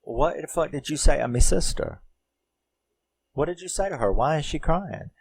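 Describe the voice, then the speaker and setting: A man voicing a drunk, angry young man holding a gun, his voice pushed up high and rough. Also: animated, moderate pace, full character voice.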